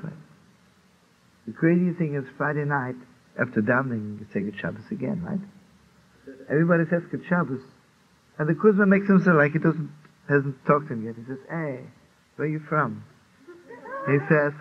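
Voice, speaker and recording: A man's voice: on the high side, expressive, normal speed, long pauses, husky. A man telling a Hasidic story, acting out the dialogue and laughing often. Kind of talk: storytelling talk. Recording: tinny lo-fi archive recording with faint hiss.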